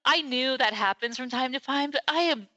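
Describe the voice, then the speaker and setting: A woman co-hosting a podcast in casual chat, animated and playfully sarcastic. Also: sits high, normal speed, heavy background noise. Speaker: podcast co-host.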